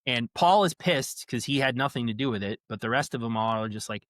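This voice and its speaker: A man co-hosting a podcast, retelling horror movie scenes in an animated, casual way, swearing now and then. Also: mid-range voice, fairly quick, hardly any pauses, no room sound, studio quality. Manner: animated storytelling, swears, says yeah a lot. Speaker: podcast co-host. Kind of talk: casual movie recap chat.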